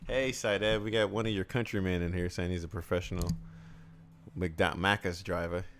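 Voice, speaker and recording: A man with a low, deep voice and a Minnesota accent, chatting on a stream. He jokes and teases, and gets loud and lively at times. A faint hiss of noise sits under his voice. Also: moderate pace. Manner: animated, joking, teasing. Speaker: streamer host. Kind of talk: casual chat.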